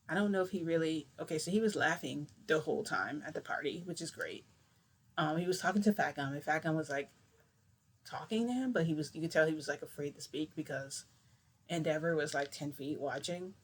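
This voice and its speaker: A woman's voice: low voice, brisk, husky. A young woman casually telling a long story, rambling and acting out what everyone said. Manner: rambling, animated retelling with acted-out quotes and mild swearing. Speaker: vlogger telling a shifting story.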